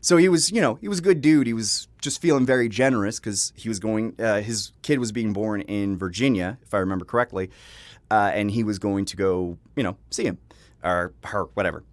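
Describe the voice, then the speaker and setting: A man's voice: fairly low pitch, brisk, dry recording. A young man telling a personal story in a casual vlog, rambling with frequent laughs and restarts, swearing now and then. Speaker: vlogger. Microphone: home microphone.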